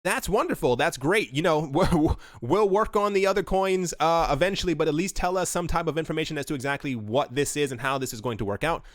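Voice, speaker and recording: A man giving casual, opinionated commentary in a voice pitched a bit high for a man. He talks loosely, full of fillers and restarts. The sound is dry and close. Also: brisk, few pauses, no room sound. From United States. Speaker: crypto video host.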